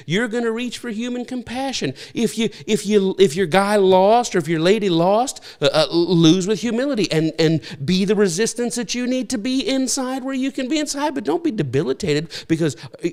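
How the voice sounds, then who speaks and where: A man, a pastor, giving an impassioned spoken teaching that exhorts listeners directly, halting often to restart and repeat words. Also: high-pitched.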